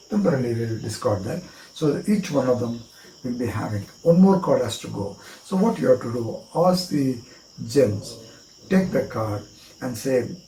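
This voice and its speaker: A man's voice: mid-range voice, mellow, a little hiss or hum. Indian man teaching a card trick. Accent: Indian English. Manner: spells words out letter by letter, repeats phrases rhythmically. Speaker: magic teacher. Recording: echoey room with faint cricket chirps.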